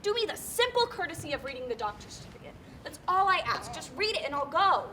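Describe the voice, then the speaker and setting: A woman's voice: sits high, very animated, fast, bright, forceful tone, exaggerated voice. A woman playing a distraught, pestering woman petitioner in a live stage play, whiny and theatrical, recorded on a school stage. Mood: pleading. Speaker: stage actor.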